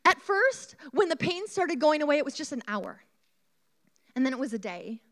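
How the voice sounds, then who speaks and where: A woman preaching a sermon, telling a personal story in an animated way and asking the congregation questions. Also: sits high, normal speed.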